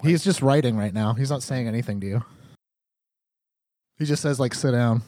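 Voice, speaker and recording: A man's voice: medium pitch, moderate pace, mellow, dry recording, studio quality. A man narrating a tabletop game as game master, in a casual, rambling way with many fillers.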